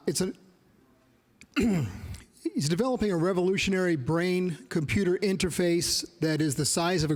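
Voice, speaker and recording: A man moderating a panel at a live event, reading speaker introductions in a steady way. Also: high voice. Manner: steady, reads bios. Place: event room before an audience. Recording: long reverb from a large hall.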